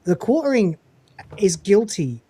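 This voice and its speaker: A man's voice: high voice, big pitch swings, dark tone, breathy edge. Sweary British man hosting a stream. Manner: profane, mocking, quick to laugh. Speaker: livestream host. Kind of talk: casual panel chat.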